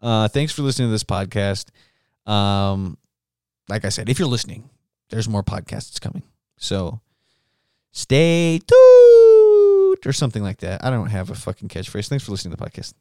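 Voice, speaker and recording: A man's voice: lowish voice, brisk, no echo, studio quality. A man hosting a casual solo podcast, telling stories in a rambling, profane way. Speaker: podcast host.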